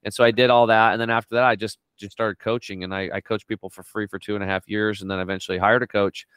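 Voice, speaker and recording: A middle-aged man telling stories in a lively interview, acting out quotes with sudden jumps in his voice. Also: fast talker, clear, resonant tone, dry recording. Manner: animated storyteller, acts out quotes with big pitch jumps. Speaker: guest on a health talk show. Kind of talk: energetic conversational interview.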